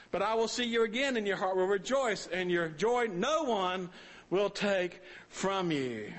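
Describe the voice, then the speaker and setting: High-voiced Southern man preaching. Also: fairly bright tone. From North Carolina. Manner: folksy storytelling with frequent restarts. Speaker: pastor. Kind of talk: sermon.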